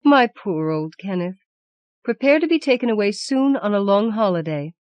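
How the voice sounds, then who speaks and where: A woman's voice: medium pitch, expressive, normal speed, darkish tone, dry recording, highs cut off, lightly acted. Lady narrator doing a worried wife pushing her husband, urgent, coaxing, dry sound. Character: anxious, insistent young wife. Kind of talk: audiobook reading.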